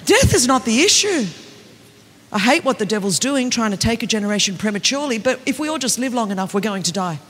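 An animated, joking woman, preaching a conference sermon and often building to a shout. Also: fairly high pitch, fast, husky. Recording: echoey arena with faint music.

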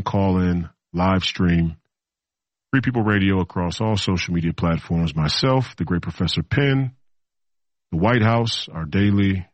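A man's voice: deep voice, dry recording. A man in his thirties hosting a political talk show, delivering a rambling monologue that repeats itself, with mocking asides. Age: 30s.

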